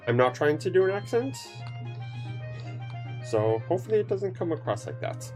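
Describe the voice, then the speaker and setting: A streamer chatting casually through a game, humming little tunes to herself and filling pauses with ums. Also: female voice, low-pitched, sing-song, darkish tone, faint music behind. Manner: rambling, hums to self, many fillers. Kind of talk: casual gameplay commentary.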